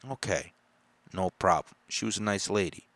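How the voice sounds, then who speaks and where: A man telling a story in an angry, profane rant, getting loud and exasperated as he complains. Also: low voice, normal speed, dry recording.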